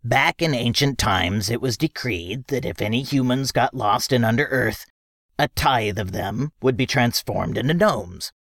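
Man doing a gruff snappish gnome. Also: mid-range voice, unhurried, fairly bright tone, no echo, clean studio sound. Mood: explaining. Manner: snappish, impatient. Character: gruff bossy male gnome guide. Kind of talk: audiobook reading.

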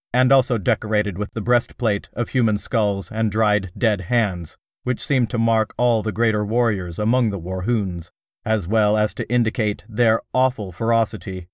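A man narrating an adventure story in the first person, in a measured, dramatic reading. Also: lowish voice, no echo, clean studio sound. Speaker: audiobook narrator.

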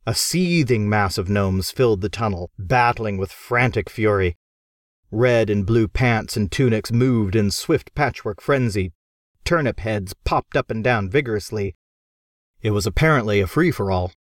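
A man narrating an audiobook in a lively, expressive storytelling manner. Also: fairly low pitch, unhurried, no echo, clean studio sound.

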